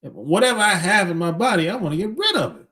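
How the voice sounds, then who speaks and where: A man's voice: high-pitched, big pitch swings, fast, noisy background. A middle-aged man hosting a podcast, talking bluntly in a casual opinionated monologue, chuckling between points. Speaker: podcast host.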